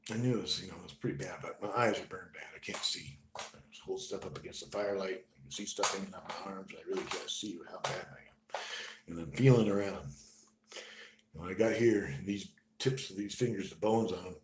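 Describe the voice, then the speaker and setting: Low-voiced man telling a story in a roomy space. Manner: halting, conversational, drops to a murmur then bursts loud. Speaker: storyteller recounting his own experience. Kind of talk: spoken personal story. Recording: roomy room with faint noise.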